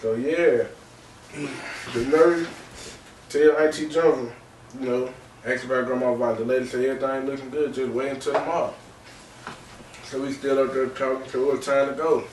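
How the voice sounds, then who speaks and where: A man hosting a podcast, recounting a personal story in a halting way, repeating phrases and filling gaps with "man" and "you know.". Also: medium pitch, fairly even intonation, a little mellow, a little hiss or hum. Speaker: podcast host. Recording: roomy distant mic with faint ambience.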